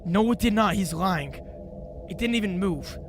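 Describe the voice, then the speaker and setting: A young man streaming live, reacting to clips with excitable outbursts and laughs at a desk microphone. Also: high voice, moderate pace, over music.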